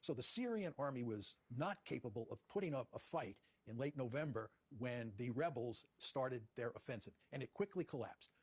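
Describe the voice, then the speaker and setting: A man, a professor being interviewed, giving measured, deliberate answers and repeating his key points. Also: mid-range voice, animated, slightly rough, no room sound. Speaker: guest professor.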